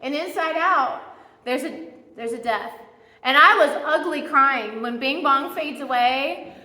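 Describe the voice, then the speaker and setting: A woman giving a church sermon who tells personal stories in an animated, chatty, self-mocking way. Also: high voice, unhurried. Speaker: guest speaker at church. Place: church sanctuary. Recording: echoey church hall reverb.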